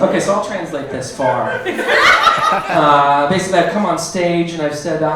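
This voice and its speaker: A man in his thirties from Illinois doing a stand-up set, rambling and self-deprecating with halting fillers, recorded in a roomy club from far off with an audience. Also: on the high side, a loud crowd. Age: 30s. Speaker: stand-up comedian. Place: small comedy club stage.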